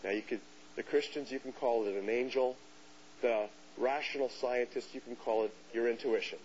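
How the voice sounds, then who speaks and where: A man giving a lecture to an audience, telling a story in an animated way and acting out the voices of people he quotes. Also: mid-range voice, normal speed. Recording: dull hissy lecture recording.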